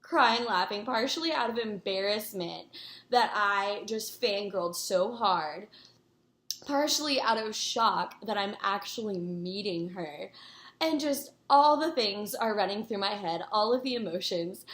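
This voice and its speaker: A young woman vlogger telling a story to the camera in a rambling, excitable way, with many fillers and asides to her viewers. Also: mid-range voice, unhurried. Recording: echoey room.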